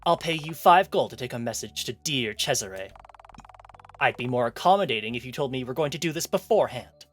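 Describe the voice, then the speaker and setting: Streamer putting on a haughty wife, scornful, sniping, lively swooping voice, indie game. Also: medium pitch, a little fast, faint music behind, close to an everyday voice. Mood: irritated. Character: haughty, irritable married woman.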